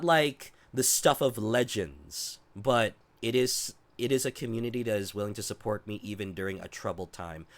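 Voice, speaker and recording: A man's voice: medium pitch, a bit bright. A man in his thirties with a voice worn down by a cold, chatting casually with his viewers as a streamer, rambling, restarting sentences and swearing now and then. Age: 30s.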